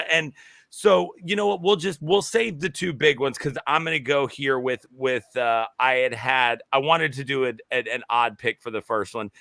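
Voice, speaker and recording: A man co-hosting a podcast, talking excitedly in casual chat with many restarts and halting phrases. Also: mid-range voice, vocal fry, no echo, studio quality. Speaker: podcast co-host.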